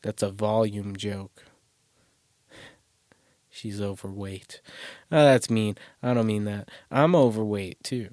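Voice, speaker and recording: A man's voice: fairly low pitch, fairly even intonation, takes it slowly, long pauses, a little mellow, no echo, clean studio sound. A man hosting a solo podcast from a closet, talking in a rambling, crude, self-deprecating way and swearing a lot. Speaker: podcast host. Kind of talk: casual solo podcast monologue. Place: small closet.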